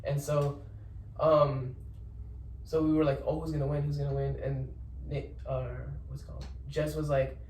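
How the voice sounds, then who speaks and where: A young man, a podcast guest, telling a story in casual chat. He rambles, repeats words and gives lots of shout-outs. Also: a little high, level tone, moderate pace. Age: young adult. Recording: roomy echo, distant mic, faint noise.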